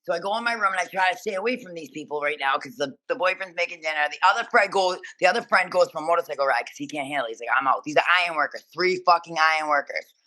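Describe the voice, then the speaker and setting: A woman, a podcast guest telling stories in an animated, profane, rapid-fire way. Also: lowish voice. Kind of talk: casual storytelling interview.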